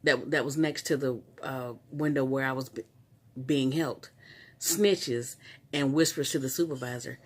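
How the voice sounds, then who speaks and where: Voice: medium pitch, measured pace. Exasperated storyteller ranting on a vlog. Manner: animated, exasperated storytelling with frequent restarts. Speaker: vlogger. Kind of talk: casual story-time rant.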